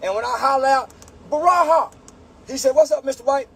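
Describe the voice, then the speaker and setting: A man's voice: very high voice, brisk, vocal fry, fairly bright tone. A man telling a profane anecdote and acting out the voices of the people in it. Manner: drawling, profane, switches into other people's voices. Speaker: storyteller in a played clip. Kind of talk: animated anecdote with acted-out dialogue.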